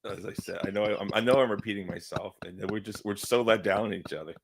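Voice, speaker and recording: Man clearing his throat, chatting casually. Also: on the low side, quick pace, background noise. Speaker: co-host and producer. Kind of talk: casual chat.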